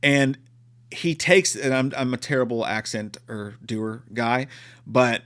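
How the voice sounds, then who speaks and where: A man's voice: medium pitch, slow, a bit bright. A man giving a casual, profane and exclamatory movie review.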